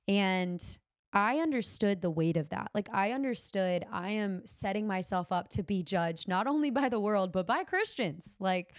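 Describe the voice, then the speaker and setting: Young adult woman, podcast host; heartfelt personal storytelling, mid pitch, dry close mic. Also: lively intonation, moderate pace, dry recording. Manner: earnest, heartfelt, uses Southern "y'all".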